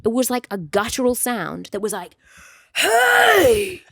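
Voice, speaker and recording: A woman's voice: mid-range voice, fairly quick, creaky, no room sound, clean studio sound. Chatty New woman on a podcast. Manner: chatty, playful, acts out quotes. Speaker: podcast guest or host. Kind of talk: casual storytelling.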